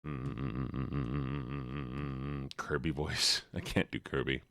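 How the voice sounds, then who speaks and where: A man's voice: rumbling low, level tone, drawn-out words, fairly bright tone. A man streaming live, chatting casually and teasingly with his viewers. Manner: playful, teasing, talks straight to chat.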